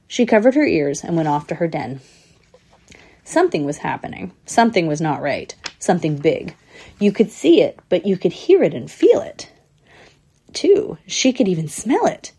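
A woman's voice: medium pitch, breathy edge. A woman narrating a storybook, giving each character its own voice. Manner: lively, voicing each squirrel.

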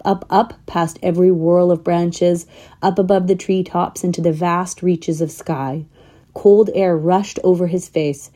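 A woman narrating a children's storybook in an expressive, playful way, at times dropping to a whisper. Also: lowish voice.

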